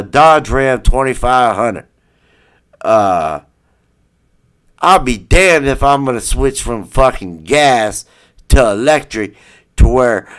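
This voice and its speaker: Man, live stream rant, slow delivery, smooth clear voice, profane, rambling. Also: mid-range voice. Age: adult parent. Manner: profane, heated ranting; rambling with restarts. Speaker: livestream host. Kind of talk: ranting live stream chat.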